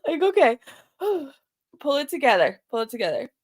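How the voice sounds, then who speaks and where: A woman's voice: sits high, sing-song, moderate pace. A woman hosting a casual reaction commentary, making amused and incredulous asides. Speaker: commentary channel host.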